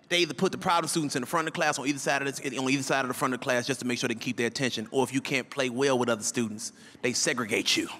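A male comedian doing stand-up on a club stage, telling an exasperated story with sudden loud outbursts into a handheld mic. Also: medium pitch, big-room sound.

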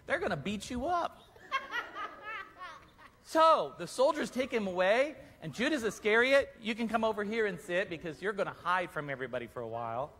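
A man leading a children's Easter play, narrating the story and directing the kids in a playful, animated way. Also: sits high. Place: church hall. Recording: echoey church hall.

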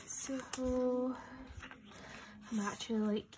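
A young adult woman vlogger chatting casually and excitedly through an unboxing, nervous and swearing freely. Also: high-pitched, extremely slow, crowd noise.

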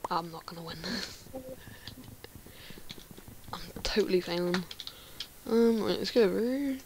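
A woman's voice: medium pitch, expressive, measured pace, background noise. An English woman giving casual commentary while playing Minecraft, chatty and often muttering half-whispered asides to herself. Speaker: Minecraft player.

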